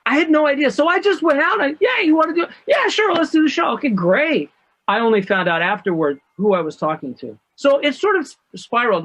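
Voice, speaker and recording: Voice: medium pitch, fairly bright tone. A show creator casually telling a rambling anecdote about casting, acting out the lines people said. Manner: rambling storyteller, acts out quoted lines. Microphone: video call. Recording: muffled lo-fi video call audio.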